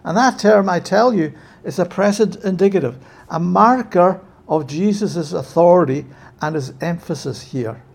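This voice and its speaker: A man preaching a sermon with emphasis, often checking in with his listeners with a quick "yeah?". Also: high voice, vocal fry.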